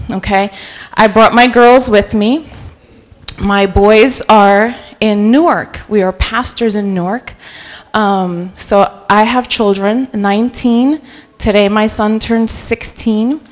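A woman in her forties from New York City with a mixed North Jersey accent, a guest preacher warming up the church with chatty jokes, stories and bits of Spanish. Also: a little high. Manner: chatty and joking, mixing in Spanish phrases. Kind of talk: sermon with personal storytelling. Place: church sanctuary.

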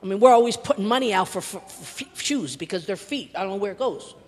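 An older woman preaching a sermon with passion, repeating words for emphasis and swinging from loud to hushed. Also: medium pitch, animated, quick pace, breathy edge. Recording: long reverb of a large hall.

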